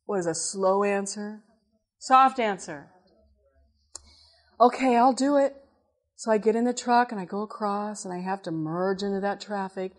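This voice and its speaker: A woman preaching in a conversational, storytelling way, laughing at times as she tells her story. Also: mid-range voice. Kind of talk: storytelling sermon.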